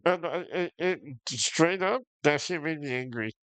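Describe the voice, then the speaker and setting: A man's voice: a little high, a little slow, fairly bright tone, clear, resonant tone, no echo. A man streaming games, ranting casually to his chat, swearing often, frustrated, and breaking into short laughs. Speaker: game streamer.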